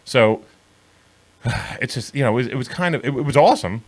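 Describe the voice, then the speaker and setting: A man's voice: medium pitch, fairly quick. A man co-hosting a casual sports talk podcast, telling long, profane stories with lots of restarts. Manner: rambling, profane, animated storytelling with many restarts. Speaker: co-host.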